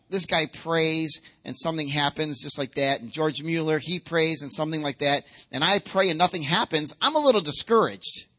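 Bright, high-pitched male preacher. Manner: emphatic, conversational preaching with acted-out quotes. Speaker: pastor. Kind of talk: sermon.

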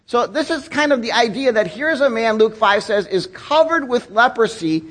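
Guy pastor preaching, higher voice, animated storytelling, slips into slangy acted-out voices. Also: normal speed. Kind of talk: sermon.

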